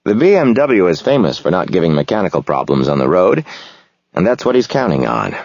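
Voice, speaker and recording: A man narrating a novel in the first person, reflective and measured. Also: sits low, sing-song, vocal fry, a little mellow, dry recording, highs cut off. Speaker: audiobook narrator.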